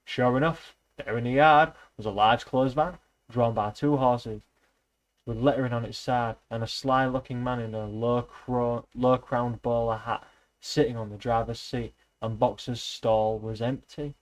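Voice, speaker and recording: A man's voice: medium pitch, fairly even intonation, unhurried, low-quality recording. Man reading a novel aloud, loose and casual. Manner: loose, with slips and restarts. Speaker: reader, streamer.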